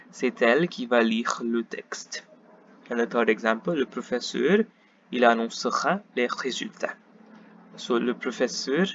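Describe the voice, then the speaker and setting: A man's voice: mid-range voice, fairly bright tone. Patient man tutoring French grammar. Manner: patient, methodical, repeats each example in French then English. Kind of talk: explanatory grammar lesson. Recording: slightly muffled with faint background hiss.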